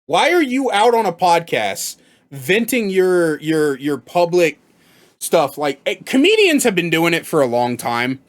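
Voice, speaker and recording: A man with a slightly raised pitch talks through his reaction in a loose, rambling flow. He is blunt and curses freely, circling back on his words as he argues a point. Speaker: reaction commentator. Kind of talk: reaction commentary.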